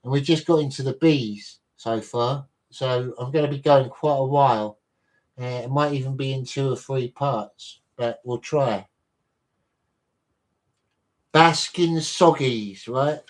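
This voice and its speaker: A man hosting a relaxed livestream, reading entries aloud from a reference book. He reads slowly and haltingly, stumbling over words and repeating them. He breaks off now and then to greet viewers in chat, and his pitch sits in the middle range.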